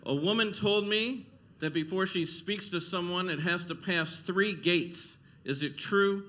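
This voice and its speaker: Male stand-up, deadpan one-liners, slightly high voice. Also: unhurried. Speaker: stand-up comedian. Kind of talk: stand-up comedy set. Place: stage at a comedy club.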